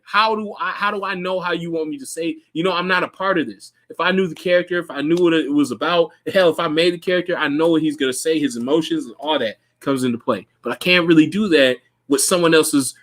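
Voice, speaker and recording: A man's voice: fairly high pitch, fairly bright tone. A man hosting a podcast in casual chat, loose and profane, laughing often. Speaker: podcast host.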